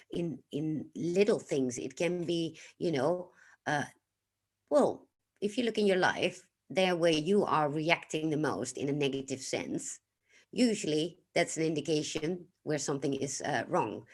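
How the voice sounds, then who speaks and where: Low-voiced Dutch woman hosting a livestream. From Netherlands. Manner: unhurried, reflective, stops to greet and thank chat viewers. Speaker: livestream host. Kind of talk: casual livestream talk.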